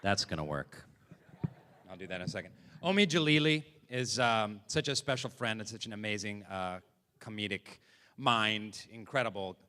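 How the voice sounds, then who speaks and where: Bright-voiced male emcee with deadpan hype. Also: fairly low pitch, normal speed. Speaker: host introducing acts. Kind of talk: live show emcee introductions. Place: large theatre stage. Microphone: stage microphone. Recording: live theatre hall reverb.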